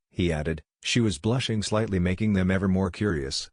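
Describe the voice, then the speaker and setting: A man narrating a fanfiction story in a measured, even scripted read. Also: low-pitched, dry recording, studio quality.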